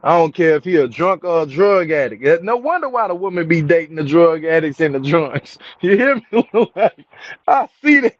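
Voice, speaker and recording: A higher-pitched young man rants to his viewers in heavy slang, hammering the same points again and again. He is getting angry as he talks. The sound is dull and lo-fi, with a dry, close feel and no room echo. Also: expressive, normal speed. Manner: emphatic, slangy, repeats himself, addresses viewers as y'all. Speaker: reality TV commentary vlogger. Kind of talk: casual commentary rant. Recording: dull, dry, lo-fi home recording.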